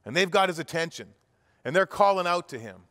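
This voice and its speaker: A man's voice: high voice, lively intonation, a little fast, fairly bright tone, big-room sound. A pastor telling a sermon story vividly, acting out the characters' cries and often restarting his words. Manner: vivid retelling with acted-out cries and frequent restarts. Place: church.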